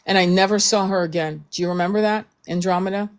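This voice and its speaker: A woman's voice: mid-range voice, fairly even intonation, fast talker, slight background noise. A woman hosting a casual talk stream, speaking bluntly and emphatically, swearing often and repeating herself as she makes her point. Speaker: host. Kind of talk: heated casual commentary.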